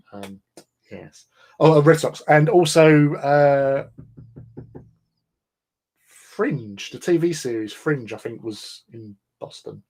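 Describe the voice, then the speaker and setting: A man's voice: mid-range voice, a little mellow. Chatty English man with many fillers. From England. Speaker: livestream host. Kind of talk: casual chat.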